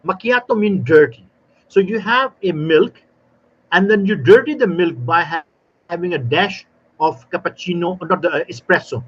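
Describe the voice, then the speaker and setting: A man talking as a guest expert in a live panel, telling lively stories and explaining in non-native grammar, often acting out little exchanges. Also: high voice, moderate pace, breathy edge, lo-fi sound. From South Africa. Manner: animated storyteller, non-native grammar, acts out dialogue. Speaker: barista trainer guest.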